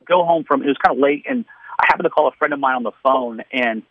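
A man's voice: mid-range voice, fast, no echo. A man calling in as a radio guest, telling faith stories in an earnest, rambling way with restarts, heard over a phone line. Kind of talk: testimony storytelling on radio. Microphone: telephone.

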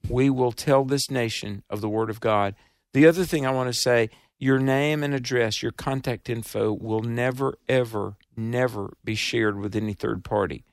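A man's voice: medium pitch, moderate pace, no room sound, studio quality. A man with a Southern accent, hosting a radio ministry fundraiser in an earnest, emphatic, preacherly way.

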